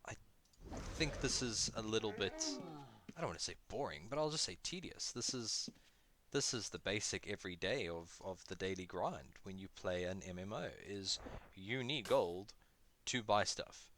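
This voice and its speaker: A man's voice: on the low side, expressive, normal speed, a bit bright, a little hiss or hum. A man chatting casually through his gameplay, joking at himself and talking to the creatures he fights. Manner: chatty, self-deprecating, talks to the game's creatures. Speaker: gaming video host.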